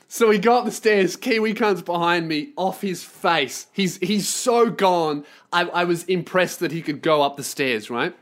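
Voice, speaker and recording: A young man telling a story on his podcast, sweary and animated, acting out the dialogue. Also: high voice, unhurried, hardly any pauses. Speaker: podcast host. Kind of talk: casual storytelling. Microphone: podcast microphone.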